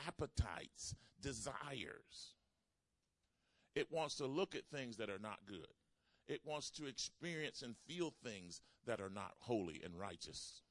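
A man's voice: mid-range voice, fairly bright tone, no room sound. A man preaching a sermon. He calls for responses from the congregation and repeats phrases for emphasis. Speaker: pastor.

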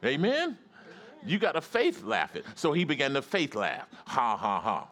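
A man's voice: on the high side, huge pitch swings, normal speed, a bit bright. A male pastor preaching a sermon, emphatic and calling out to his congregation for responses.

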